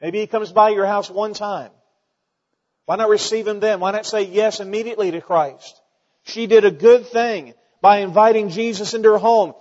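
A man preaching a sermon as pastor, earnest and halting, with many fillers and restarts. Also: sits high, steady tone, a little mellow. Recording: dull sound with long hall reverb.

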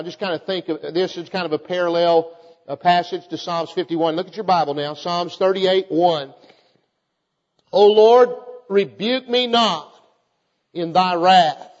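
Fervent preacher in a reverberant church. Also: male voice, fairly high pitch. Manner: fervent, repetitive, calls out to the congregation. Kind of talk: sermon. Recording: dull audio with long church reverb.

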